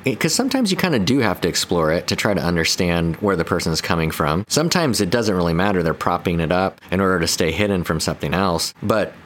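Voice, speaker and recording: Low-voiced male counselor, loose and rambling, quick to laugh, faint noise behind. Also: sing-song, a bit bright. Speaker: counselor and podcast co-host. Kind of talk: casual conversational podcast.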